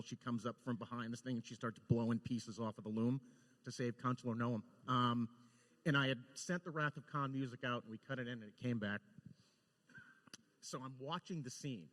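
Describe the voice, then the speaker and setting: An animated man tells a story in a bright, forceful voice, acting out quotes and laughing as he goes. The sound rings with a long reverb. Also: mid-range voice. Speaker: storyboard director guest. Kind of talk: lively anecdote-telling.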